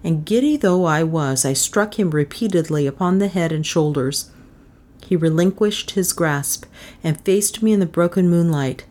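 Reading a classic novel aloud, this audiobook narrator is a woman with a fairly low pitch. Her delivery is even and measured.

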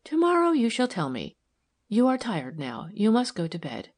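A woman reading the part of a young woman detective, brisk and a little raised in pitch. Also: huge pitch swings, darkish tone. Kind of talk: audiobook character reading.

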